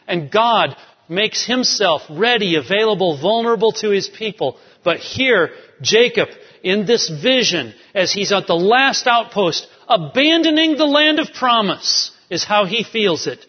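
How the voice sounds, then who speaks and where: A man with a high voice preaches a sermon, swinging between emphatic lines and sudden near-whispers. His voice carries a long reverb, as in a large church sanctuary, and the sound is a little dull. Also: expressive, measured pace. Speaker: pastor.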